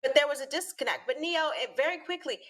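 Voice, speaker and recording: A woman talks in a clear, bright voice that sits a bit high. She sounds earnest and emphatic, and her discussion is casual and lively with animated asides. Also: fast. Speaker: talk show co-host.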